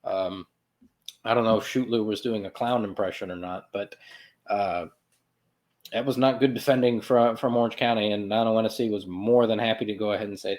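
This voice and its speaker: A man hosts a soccer podcast, recapping a match in a loose, sarcastic monologue peppered with playful sound effects and self-corrections. His voice is on the low side and darkish, with a steady tone and a brisk pace.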